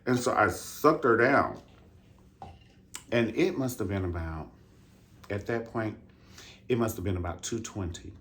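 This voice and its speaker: A man telling a story in a casual, profane rant, flamboyant and sassy, with drawn-out emphatic asides. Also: lowish voice, animated, fairly bright tone, slight background noise. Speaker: vlogger reviewing a dance concert.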